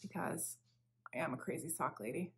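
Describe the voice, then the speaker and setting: A woman's voice: low-pitched, normal speed, vocal fry, a bit bright. A woman hosting a crafting podcast from home, chatting casually and rambling a little, with a slightly sick voice. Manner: chatty, rambling, self-interrupting. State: recovering from illness, a bit sick. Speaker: podcast host. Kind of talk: casual chat. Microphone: camera for a video podcast.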